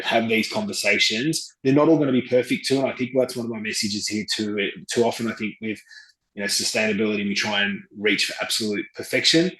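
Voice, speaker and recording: A man's voice: lowish voice, fairly bright tone. An Australian man speaking earnestly as a travel company guest on a podcast, with many fillers and restarts. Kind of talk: podcast interview. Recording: roomy echo.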